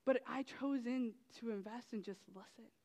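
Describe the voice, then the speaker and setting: A woman's voice: a little high, normal speed. Young woman telling a story in a hall. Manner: animated storytelling with many fillers. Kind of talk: testimony talk to youth. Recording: long hall reverb.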